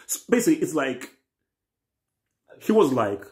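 A young man hosting a casual TV reaction video. He rambles and repeats himself, swinging between excited bursts and low mutters. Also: moderate pace, long pauses. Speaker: reaction channel host.

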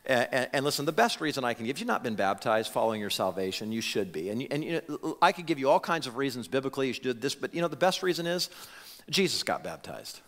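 Animated pastor preaching in a reverberant hall. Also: male voice, medium pitch, quick pace. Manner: animated, frequent restarts and repeated words. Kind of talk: conversational sermon. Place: church sanctuary.

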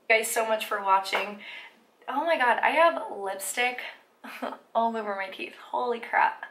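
A woman's voice: on the high side, a little slow, a bit bright, slight background noise. A woman vlogger chatting casually through a makeup tutorial, rambling and joking at herself as she works. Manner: rambling, self-deprecating, talks to herself while working. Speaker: beauty vlogger. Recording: echoey room.

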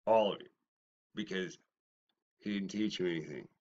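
A man's voice: moderate pace, lo-fi sound. Man ranting in a mocking callout video. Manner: mocking, swings from low muttering to shouting. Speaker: YouTuber. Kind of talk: confrontational response video rant.

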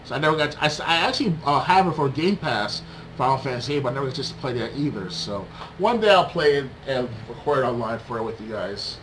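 A young man co-hosting a casual gaming podcast, talking excitedly and acting out reactions. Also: mid-range voice, quick pace, low-quality recording. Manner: animated, excitable, acts out reactions. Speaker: podcast co-host. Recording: faint background noise.

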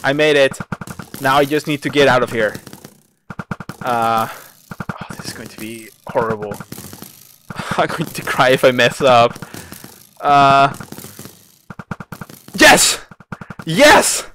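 A gaming host giving dramatic, excitable let's play commentary, yelping and groaning at each failure. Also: medium pitch, unhurried, long pauses, a little hiss or hum.

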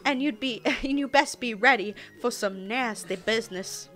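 A woman's voice: a little high, normal speed, sharp tone, soft background music. A woman reading the lines of a wise old male kettle with a Southern US accent, earnest and warning. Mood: grave.

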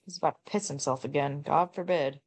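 A woman giving casual, joking gameplay commentary, blunt and quick to swear. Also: sits low, a little mellow. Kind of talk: casual let's-play commentary.

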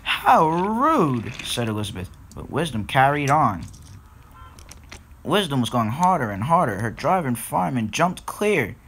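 A man's voice: mid-range voice, animated, moderate pace, a bit bright, a little hiss or hum. A man narrating a fan-made storybook episode and talking directly to listeners. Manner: plain reading, talks straight to listeners.

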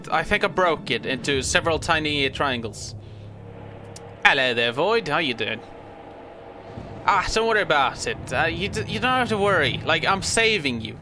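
A man's voice: fairly high pitch, pushed and bright. A young man giving casual, rambling gameplay commentary, stammering and swearing freely as he plays. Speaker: gaming video host.

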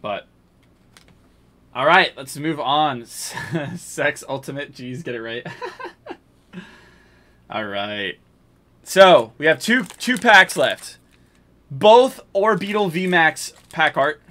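Bright-voiced man hyping card pulls on stream. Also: on the high side, expressive, slow, pauses often. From New England. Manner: chatty, hypes pulls, jokes with chat; drops to mumbles while sorting cards. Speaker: streamer opening card packs. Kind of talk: casual live-stream chat.

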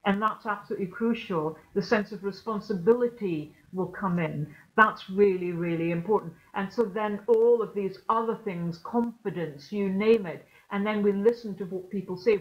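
A woman speaks over a video call that sounds a little dull and muffled, her voice sitting at an ordinary middle pitch. She explains her ideas thoughtfully, leaning on words for gentle emphasis as she answers questions in an online lecture. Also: moderate pace, few pauses. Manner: reflective, explanatory, softly emphatic. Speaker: guest percussionist.

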